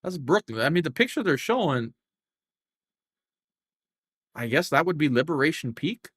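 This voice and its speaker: A man's voice: a little high, sing-song, moderate pace, fairly bright tone, husky, dry recording. A young man streaming a game live, chatting casually and cursing as he thinks aloud through the menus. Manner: profane, rambling, thinking aloud while scrolling menus.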